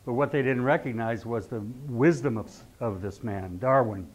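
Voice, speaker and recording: A man's voice: mid-range voice, moderate pace. A middle-aged man teaching an astrology class, talking conversationally and often putting rhetorical questions to his students. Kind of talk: lecturing a class. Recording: dull lo-fi recording.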